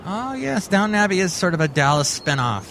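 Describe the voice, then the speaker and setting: A man's voice: high-pitched, sing-song, brisk, fairly bright tone, slight background noise. A man hosting a comedic podcast, rambling in a playful, wry way. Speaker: podcast host.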